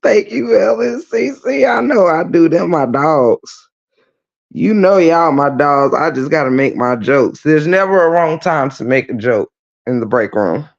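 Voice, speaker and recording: A woman hosting a casual livestream, teasing her viewers, breaking into laughter and loud exclamations. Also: low-pitched, animated, measured pace, creaky, highs cut off. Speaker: livestream host.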